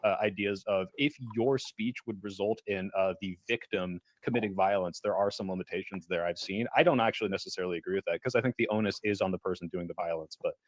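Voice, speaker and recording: An American man with a lowish voice who talks quickly through his reasoning on a live panel. His sound is close and dry, and he pads his arguments with fillers while staying measured. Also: dry recording. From United States. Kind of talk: casual debate.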